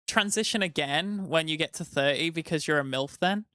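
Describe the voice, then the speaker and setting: A man's voice: fairly high pitch, moderate pace, sharp tone, dry recording, clean studio sound. A man co-hosting a home live stream, teasing his partner in playful banter. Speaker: co-host. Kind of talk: casual live-stream chat.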